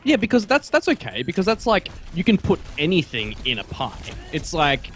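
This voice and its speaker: A man's voice: high-pitched, wildly swooping pitch, moderate pace, fairly bright tone. A young man with an Australian accent, bantering casually on a voice call, emphatic and swearing as he rants in mock seriousness.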